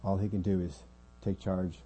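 A man preaching a sermon as pastor of a church, earnest, often dropping his voice quiet to make a point. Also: deep voice, flat delivery, moderate pace, a little hiss or hum.

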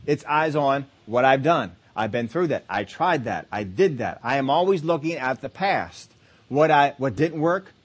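Man preaching, a bit high-pitched, emphatic, drawn-out stressed phrases. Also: breathy edge. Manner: emphatic, acts out quoted complaints with rising voice; slows down to stress key phrases. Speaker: pastor. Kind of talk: sermon.

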